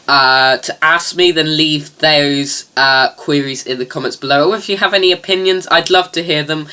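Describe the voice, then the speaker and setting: A man's voice: on the high side, pushed and bright, smooth. A man hosting a fan review show, chatty and upbeat with lots of ums and uhs. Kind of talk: casual review vlog.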